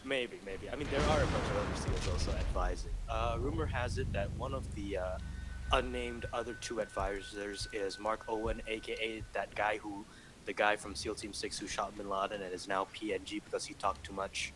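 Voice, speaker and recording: A man from Malaysia chats loosely with friends, wandering from story to story. His voice sits low. A steady noise runs under the mic. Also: brisk. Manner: rambling, chatty storyteller. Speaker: call center supervisor. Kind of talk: casual voice chat. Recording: noisy voice-chat mic.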